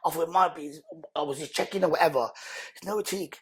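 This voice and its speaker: Husky man telling his story. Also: on the high side, fast talker. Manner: animated, slangy, repeats words for emphasis. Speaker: podcast guest. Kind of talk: emotional personal storytelling.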